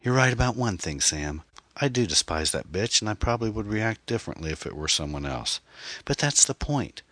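A man voicing a bitter, angry woman on the phone, snapping and scornful, with shrill outbursts. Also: big pitch swings, fairly quick, a bit bright, dry recording.

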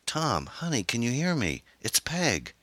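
A man's voice: mid-range voice, wildly swooping pitch, a little slow, fairly bright tone, no room sound, studio quality, voice pushed up, heavily acted. A man voicing a fretful, tender wife. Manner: tender, fussing, soothing. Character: anxious, loving wife at her husband's hospital bed.

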